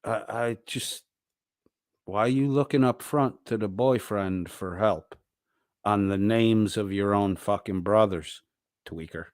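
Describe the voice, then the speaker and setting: Slow-talking crude male stream host. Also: lowish voice, no room sound, clean studio sound. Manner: crude, mocking, heavy swearing. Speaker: stream host reacting to a clip. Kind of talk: casual reaction commentary.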